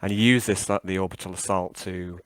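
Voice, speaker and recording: A man's voice: deep voice, fairly even intonation, fairly quick. A man running a tabletop game over a call, rambling and hesitant with many fillers and restarts. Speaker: game master.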